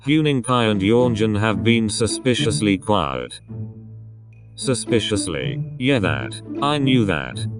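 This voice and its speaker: Slow, lively man reading chat texts. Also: on the low side. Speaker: narrator voicing a group text chat. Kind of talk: reading a fan-made text-message story aloud. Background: background music.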